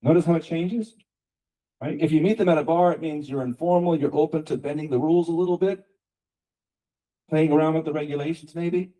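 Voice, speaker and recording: An American man lecturing students in a loose, conversational way. His voice is mellow and warm. He keeps asking rhetorical questions and checks in with "okay" and "right". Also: a little high, a little fast, low-quality recording. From United States. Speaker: guest lecturer. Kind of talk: university lecture. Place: lecture room.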